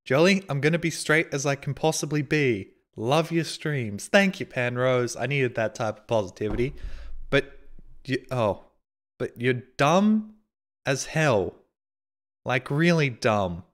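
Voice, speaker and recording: A man's voice: mid-range voice, expressive, measured pace. A man streaming live, reading out viewer donations and messages in casual, self-mocking, sarcastic banter.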